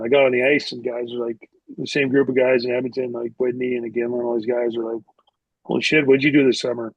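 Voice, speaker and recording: This casual storytelling interview features a retired hockey player from Canada, a middle-aged podcast guest whose rambling tales are packed with "like" and false starts. His medium-pitched voice is slightly rough, and the recording has no echo, though the highs are cut off.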